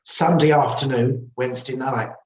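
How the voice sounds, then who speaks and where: A man doing a sharp old shopkeeper woman. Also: extremely low pitch, moderate pace, dull audio, pitched above the performer's own voice. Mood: insistent. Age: 70s. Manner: conspiratorial, blunt and certain. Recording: roomy, distant mic.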